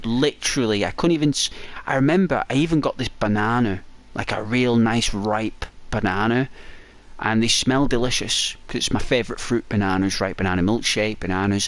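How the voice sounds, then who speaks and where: On a break from his game stream, a man chats casually in a lowish voice, his throat dry and croaky. He rambles, sprinkling "like" throughout. The recording is dry.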